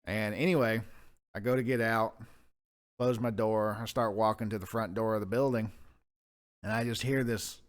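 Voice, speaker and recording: A man's voice: on the low side, fairly even intonation, normal speed, pauses often, smooth. A man co-hosting a podcast, telling a rambling, profane story in casual chat. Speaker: podcast co-host.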